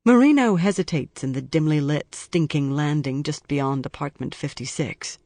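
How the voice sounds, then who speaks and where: A man's voice: fairly high pitch, moderate pace, few pauses, a little mellow, no echo. Man narrating a crime audiobook. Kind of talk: scripted narration.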